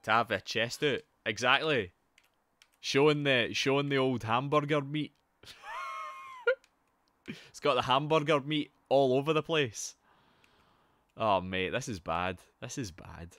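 A young man streaming a video game live, excitable, swearing often and chatting straight to his viewers. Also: medium pitch, normal speed. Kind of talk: live gameplay commentary with chat.

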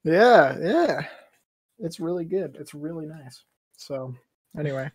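Easygoing, jokey man, fairly high voice. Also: lively intonation, slow, a little mellow, husky. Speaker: voice actor guest. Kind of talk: casual chat on a livestream.

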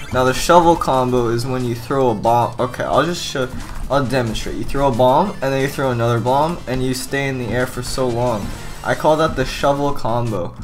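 A man giving rambling, deadpan comedic commentary over gameplay, halting often with fillers. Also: mid-range voice. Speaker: gaming video narrator.

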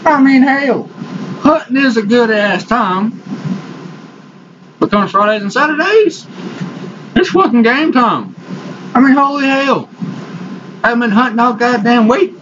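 A man's voice: extremely high pitch, animated, unhurried, long pauses. A young man, vlogging in a rowdy, profane rant while talking with tobacco in his lip. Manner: rowdy, swears constantly. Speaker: vlogger reviewing dip. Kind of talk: casual profane vlog rant. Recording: dull lo-fi audio with loud background noise.

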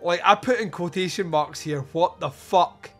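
A podcast host with a high, slightly bright voice chats casually about a film at normal speed over soft background music. He swears freely, chuckles often, and rambles through his storytelling.

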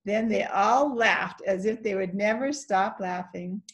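A woman reading a children's chapter book aloud in a steady, clear storytelling manner. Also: mid-range voice, measured pace. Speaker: reader.

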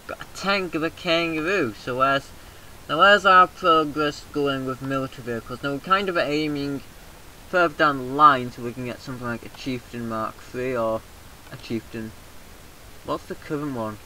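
A British man hosts a let's-play, chattering loosely in casual commentary and bursting into loud rallying shouts and cheerful swearing, excitable throughout. His British English voice is very bright and sharp, medium in pitch and moderate in pace, a little mucousy in the throat. The audio is poor, with a faint hiss behind him.

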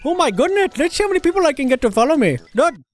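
High, wildly animated excitable game commentator. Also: very fast, soft background music. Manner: excitable, gasping and exclaiming. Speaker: gameplay commentator. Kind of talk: comedic gameplay commentary.

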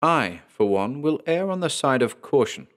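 A man's voice: mid-range voice, sing-song, moderate pace, pitched above the performer's own voice, lightly acted. A man voicing a small, mistrustful woman who speaks in cautious warnings. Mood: wary.

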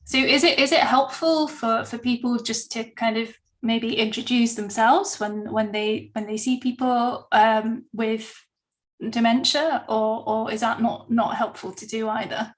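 A woman's voice: on the high side, steady tone, unhurried. A woman hosting a health interview, asking questions with hesitant restarts. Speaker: host.

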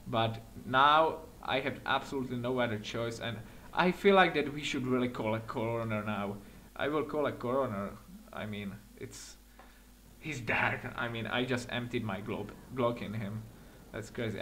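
A man giving excitable let's-play commentary while acting as a patrol cop in a game, speaking non-native English with small slips, swearing and laughing often. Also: medium pitch, moderate pace, a little hiss or hum. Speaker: gaming commentator.

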